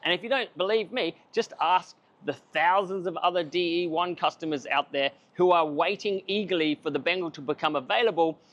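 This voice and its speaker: A man's voice: high voice, a little fast, few pauses, fairly bright tone, lo-fi sound. A man giving a casual, enthusiastic coffee machine review to camera, chatty and self-mocking.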